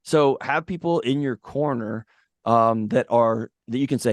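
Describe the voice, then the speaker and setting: A man's voice: mid-range voice, a little slow, no echo, clean studio sound. A man talking as a podcast guest, giving blunt, emphatic advice in a casual way. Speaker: podcast guest, mental health author.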